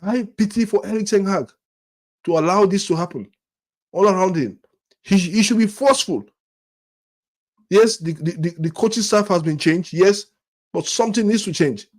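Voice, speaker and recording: A man's voice: sits high, moderate pace, pauses often. A man hosting a football fan channel, ranting with frustration, often repeating and restarting his words and firing off rhetorical questions. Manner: repetitive, stammering restarts, exasperated rhetorical questions. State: angry and disappointed. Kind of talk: frustrated fan rant to camera.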